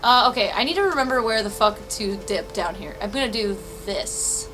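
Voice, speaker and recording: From her apartment, a woman streams a video game and chats casually to viewers, laughing a lot and swearing freely as she thinks out loud. Her mid-range voice is expressive and moves at a normal speed, with music underneath and low recording quality.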